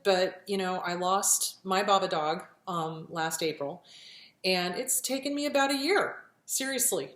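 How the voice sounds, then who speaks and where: A woman therapist speaks straight to the camera in a blunt, emphatic way, swearing freely and sounding close to tears. Her voice sits at an ordinary middle pitch and rings around an echoey room. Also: fairly bright tone. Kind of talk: casual advice vlog to camera.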